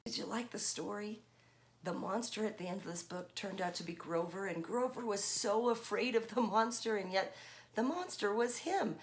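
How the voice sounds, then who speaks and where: A woman's voice: mid-range voice, moderate pace. A woman in her fifties, a children's pastor, reading a picture book aloud and asking the kids questions. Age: 50s.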